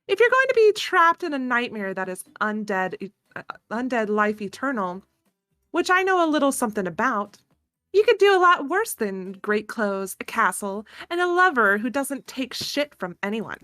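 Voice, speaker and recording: A woman's voice: fairly high pitch, sing-song, moderate pace, bright, forceful tone, no echo, studio quality. A woman voicing a sultry, bold female vampire in a comedic game read, with a flirty, theatrical manner. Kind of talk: voice acting a game script.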